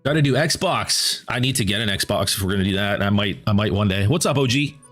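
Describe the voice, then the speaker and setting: A man streaming a game and chatting casually with viewers, rambling and repeating words as he thinks aloud, his voice going hoarse. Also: on the low side, quick pace, soft background music. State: losing his voice.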